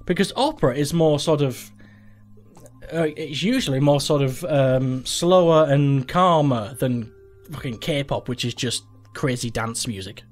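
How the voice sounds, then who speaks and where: A man's voice: medium pitch, a little slow, soft background music. A young man hosting a gaming channel, commenting casually and sweary as he plays a quiz game, thinking aloud in disbelief.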